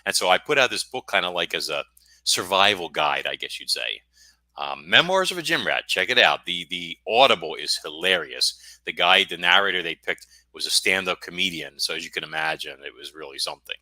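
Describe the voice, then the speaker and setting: A middle-aged American man with a very deep voice and a sharp, forceful tone. He rambles and cracks self-deprecating jokes as a podcast guest. The sound is dry and close. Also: lively intonation, brisk, dry recording. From United States. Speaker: guest author. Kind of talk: casual podcast interview.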